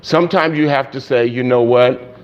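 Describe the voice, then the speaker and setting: A man preaching a sermon, telling a story and acting out the voices of its people, growing loud and high at its peaks. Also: normal speed, clean tone. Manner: storytelling, acts out quoted voices, rising loud and high at climaxes. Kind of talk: sermon illustration. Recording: dull lo-fi sound.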